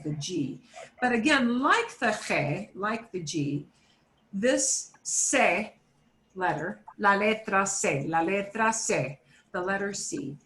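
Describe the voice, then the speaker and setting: Slow, patient American woman teaching Spanish. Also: mid-range voice, fairly bright tone. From United States. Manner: slow, patient, repeats words for learners to echo. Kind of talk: classroom pronunciation lesson.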